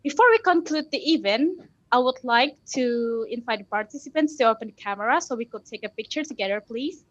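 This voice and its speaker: A high, bright-voiced woman emcees an online class. She reads cheerful, formal thank-yous and stumbles lightly on words. Her voice comes through a dull, muffled video call. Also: a little fast. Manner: cheerful, formal thanks with small self-corrections. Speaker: master of ceremonies. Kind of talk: scripted online event closing.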